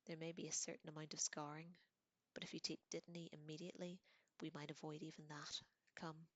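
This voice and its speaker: A woman voicing a cold, stern male teacher who speaks in a clipped, quiet way. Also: low-pitched, flat delivery, brisk, no echo.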